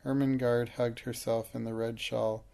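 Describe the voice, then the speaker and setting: A man with a gravelly voice narrating a storybook in a steady, even reading. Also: mid-range voice, moderate pace. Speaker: audiobook narrator. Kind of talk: scripted narration.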